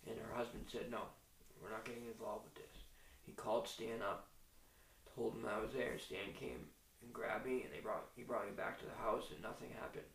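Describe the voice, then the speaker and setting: A man giving a halting first-person account of abuse as an interview guest, acting out what each person said. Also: lowish voice, vocal fry, a bit bright. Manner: halting, retells events as quoted dialogue. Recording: echoey room, distant mic, faint hiss.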